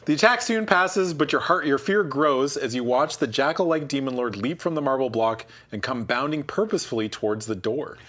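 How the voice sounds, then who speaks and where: A man's voice: medium pitch, fairly quick, few pauses, a bit bright. A man running a tabletop gamebook session, reading the text aloud and chatting with a lot of casual swearing. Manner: laughs often, swears casually. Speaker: game master.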